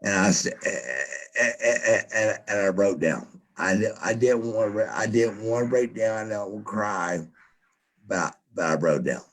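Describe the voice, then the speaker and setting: A man's voice: lowish voice, measured pace, a bit bright. A man telling a story as a podcast guest, stammering, repeating himself and swearing often. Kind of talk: casual storytelling.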